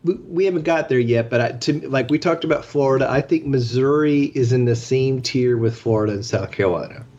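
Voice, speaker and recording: A man co-hosting casual sports analysis, measured, with many fillers. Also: medium pitch, darkish tone. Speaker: podcast co-host. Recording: slightly dull lo-fi audio.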